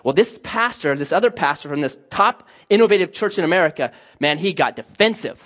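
A man preaching a sermon as a pastor, telling stories with lively acted-out dialogue. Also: on the high side, fairly quick. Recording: dull lo-fi sound.

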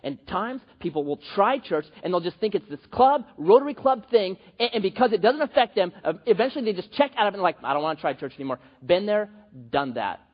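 A man's voice: high voice, big pitch swings, fairly quick, hardly any pauses. A man preaching a sermon in a joking, conversational way, with many restarts and asides. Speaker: pastor. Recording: dull, reverberant hall recording.

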